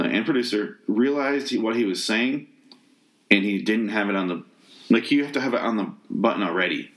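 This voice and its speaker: Male reviewer, lowish voice, sarcastic profane rant, rambling delivery. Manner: rambling with restarts. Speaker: movie reviewer. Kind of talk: ranting movie review.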